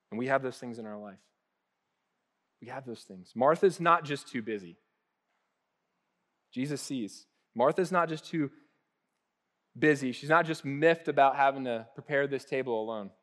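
A man in his thirties, a pastor giving a relaxed, conversational sermon that swings between lively acted-out asides and soft, hushed moments. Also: mid-range voice, moderate pace. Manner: casual and animated, acting out little voices, with laughs and soft hushed asides.

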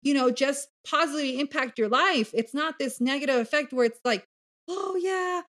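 A woman speaking as a podcast guest in candid, casual conversation, animated and blunt, swearing freely. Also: sits high, fairly quick. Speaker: podcast guest, bariatric coach.

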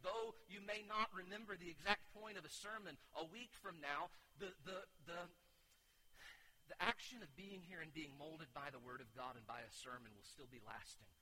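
A man preaching a sermon as pastor, moving from quiet teaching to loud, urgent exhortation and often restarting with repeated words. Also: fairly high pitch, normal speed, low-quality recording. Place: church sanctuary.

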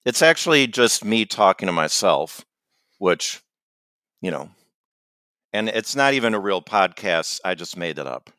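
A man with a lowish, smooth voice co-hosts a comedy podcast, trading casual banter in a meandering, self-deprecating way. The sound is close and dry, with no room around it. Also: sing-song, unhurried, long pauses, sharp tone, no room sound. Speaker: podcast co-host.

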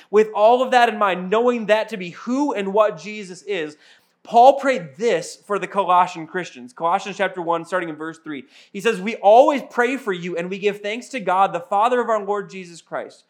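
A young adult man preaching a sermon as pastor, conversational and earnest with self-mocking humor. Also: sits high.

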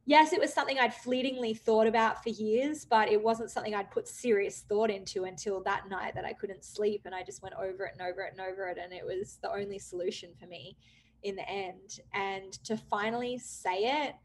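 A young woman candidly recounting a personal story, with many "like" fillers, acting out quoted dialogue with lively jumps in pitch. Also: fairly quick, a little hiss or hum. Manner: chatty, frequent "like" fillers. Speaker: guest telling her story.

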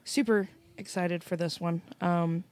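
A woman's voice: lowish voice, steady tone, unhurried, darkish tone, no room sound. A woman co-hosting a podcast in casual comedic chat, laughing a lot and swearing freely. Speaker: podcast co-host.

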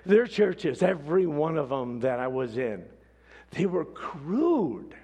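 A man preaching a sermon, telling a story with lively swings from hushed to shouted. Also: a little high, slow, breathy edge. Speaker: pastor. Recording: long hall reverb.

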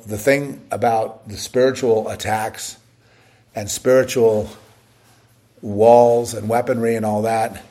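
Winded, gravelly man preaching. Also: medium pitch, darkish tone. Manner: blunt and plain-spoken, with rising bursts of exhortation. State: short of breath, on oxygen while recovering. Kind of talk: short spoken devotional message.

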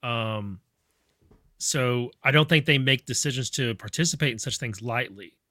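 A man's voice: mid-range voice, normal speed, sharp tone, no room sound. A man co-hosting a casual podcast, talking earnestly with lots of ums and restarts. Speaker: podcast co-host. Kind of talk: casual chat.

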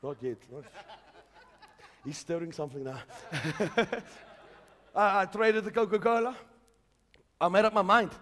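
High-voiced preacher, shouting. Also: male voice, unhurried, long pauses. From South Africa. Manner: builds from quiet storytelling to shouted declarations. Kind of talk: charismatic sermon. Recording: long hall reverb.

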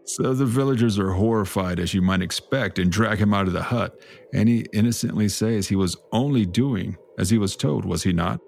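A man co-hosting a podcast, telling folk tales in a relaxed, jokey way with dramatic read-aloud narration. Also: on the low side, moderate pace, vocal fry. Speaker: podcast co-host. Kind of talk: casual storytelling chat.

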